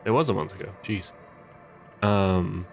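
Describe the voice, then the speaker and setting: A male game streamer talking casually while he plays, thinking out loud with a giggly, rambling manner. His pace is unhurried and drawn out. Faint music plays behind him. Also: low-pitched. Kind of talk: casual gameplay commentary.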